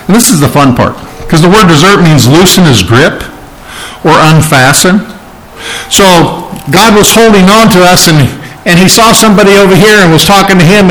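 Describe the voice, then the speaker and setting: A man's voice: a little high, a bit bright, poor audio. A man pastor preaching a sermon, emphatic and repeating words for stress.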